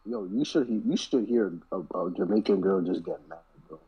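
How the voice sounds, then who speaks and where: Raspy low man on a dull mic. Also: normal speed. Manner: blunt, slangy, trails off. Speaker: podcast guest. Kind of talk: casual group chat.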